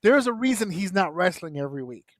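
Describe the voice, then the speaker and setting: A man on a wrestling round-table show, talking casually and bluntly, swearing freely and breaking into quick mimicry of the people he discusses. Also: high voice, dry recording, studio quality. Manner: animated, profane, mimics wrestlers in quick asides. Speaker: wrestling podcast panelist.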